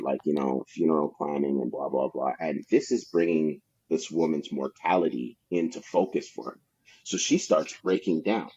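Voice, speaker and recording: A man's voice: low voice, warm tone, slightly rough. A man, a podcast guest, telling rambling stories about his sales jobs in a casual, profane way, full of fillers. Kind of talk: casual anecdotal storytelling. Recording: dull lo-fi podcast audio.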